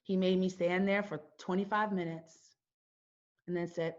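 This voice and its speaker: A middle-aged woman speaks at a moderate pace in a lowish, level voice while giving an impassioned talk as founder and host. She is emphatic, leaning on rhetorical questions she tends to repeat, and the audio is dull and lo-fi.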